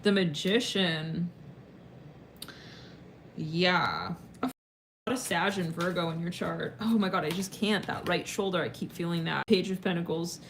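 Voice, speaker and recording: A woman's voice: fairly low pitch, measured pace, pauses often, a bit bright, a little hiss or hum. A woman giving a casual tarot reading, rambling and slangy, with lots of filler words and casual swearing. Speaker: tarot reader.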